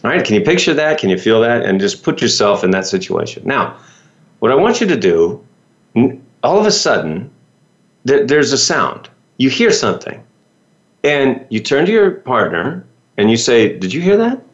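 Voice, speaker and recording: Male business coach, animated pitch, motivational talk, rhetorical questions, slightly dull lo-fi sound. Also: moderate pace. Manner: lively, rhetorical questions, folksy.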